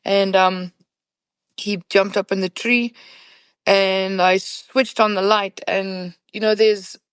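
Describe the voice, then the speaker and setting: Female hunting guide as a guest, lively storyteller, mid-pitched voice, dry close sound. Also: takes it slowly, smooth, no echo. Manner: animated, vivid retelling with many "you know" fillers. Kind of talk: conversational storytelling.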